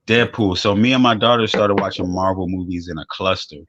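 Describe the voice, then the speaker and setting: Low-voiced laughing man telling stories. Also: fairly quick, a bit bright, no echo, dull audio. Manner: loose storytelling, swears, laughs often. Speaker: radio show host. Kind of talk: casual chat. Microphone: studio microphone.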